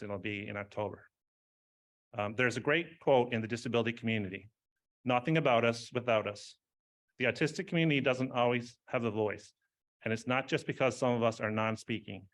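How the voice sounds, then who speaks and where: A man's voice: medium pitch, fairly bright tone. A man giving an informal speech at an award ceremony, rambling, with many fillers and frequent laughs.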